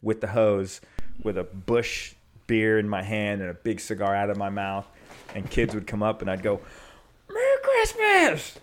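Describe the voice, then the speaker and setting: A man's voice: on the low side, flat delivery, normal speed. A man co-hosting a podcast, chatting casually and telling jokey stories. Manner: jokey storyteller, puts on voices in anecdotes. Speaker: podcast co-host. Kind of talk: casual chat.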